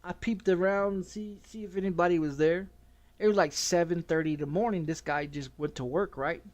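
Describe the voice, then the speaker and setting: A man's voice: high voice, a little fast, highs cut off. A man streaming a game while casually telling a story, swearing often and restarting his sentences. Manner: profane and rambling, with many restarts.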